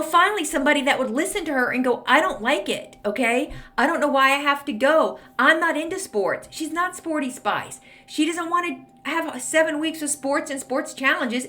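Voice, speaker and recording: A woman's voice: high voice, a bit bright. A middle-aged woman hosting an advice podcast, blunt, sassy and exasperated as she reads and answers a letter. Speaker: podcast host. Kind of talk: snarky advice podcast monologue.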